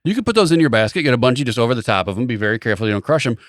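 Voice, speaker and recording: A man talking fast with a lively, swinging pitch as he riffs and acts out scenes. He co-hosts a casual comedy podcast, and his voice is dry and close on the mic. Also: dry recording. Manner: quick riffing storyteller, acts out scenes with silly voices. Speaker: podcast co-host.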